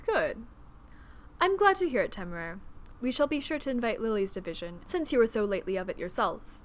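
A woman voicing a dry, mischievous nobleman who speaks in a low, understated, wry way in a storybook reading. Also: expressive, fairly quick, a little hiss or hum, close to an everyday voice.

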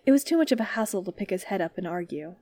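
A woman reading a story aloud as narrator, in a calm, steady manner. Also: medium pitch, rapid-fire, no room sound.

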